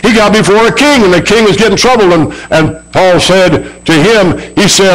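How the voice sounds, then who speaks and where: A man's voice: high-pitched, moderate pace, hardly any pauses, a bit bright, poor audio. A man preaching a sermon in a folksy way, acting out quoted voices as he retells stories. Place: church service.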